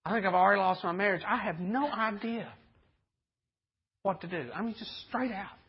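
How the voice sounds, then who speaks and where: Husky high-voiced preacher man telling stories. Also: moderate pace, lo-fi sound. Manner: folksy and joking, acts out voices in stories. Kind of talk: storytelling sermon.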